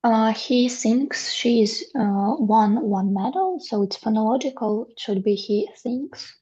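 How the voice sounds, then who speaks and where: A woman's voice: on the high side, slow pace, dark tone, highs cut off. A woman, a trainee answering in an online class, tentatively explaining her answers.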